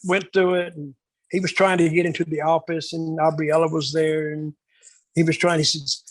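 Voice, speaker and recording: Man, raspy fry-heavy voice, slightly high, rambling anecdotes, acts out dialogue. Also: flat delivery, moderate pace, no echo, low-quality recording. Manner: rambling storyteller who acts out quoted dialogue. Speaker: guest storyteller. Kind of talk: casual anecdotal interview.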